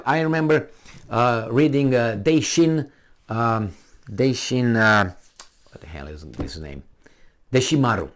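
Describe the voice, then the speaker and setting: Heated, profane man ranting. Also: mid-range voice. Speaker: commentator. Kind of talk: opinion rant.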